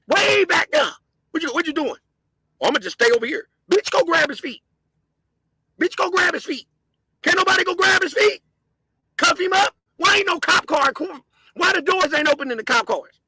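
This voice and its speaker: A man hosting a show, giving heated, profane commentary on video footage and often breaking into shouts as he talks to his viewers. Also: very high voice, moderate pace, pauses often, dry recording, low-quality recording. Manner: impassioned, shouting, profane, addresses viewers as gang.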